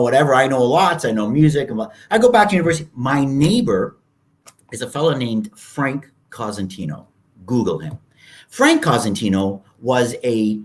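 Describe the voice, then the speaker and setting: A man in his sixties from Canada, a guest telling stories in an animated, casual way, often acting out other people's voices. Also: medium pitch. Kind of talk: casual storytelling interview.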